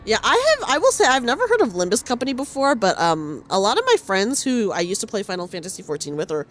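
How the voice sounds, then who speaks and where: A woman's voice: fairly high pitch, very animated, fast. A woman streamer chatting casually and greeting viewers in a bubbly, upbeat way. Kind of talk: casual livestream chat. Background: faint game music.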